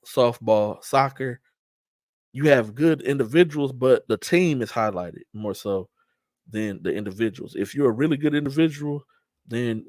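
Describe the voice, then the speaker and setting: A man's voice: medium pitch, no room sound, studio quality. A middle-aged man hosting a sports talk show, speaking in an emphatic, streetwise way with frequent restarts. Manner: emphatic, trash-talking streetwise delivery with repeated restarts. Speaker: show host and event organizer. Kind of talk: casual talk-show monologue.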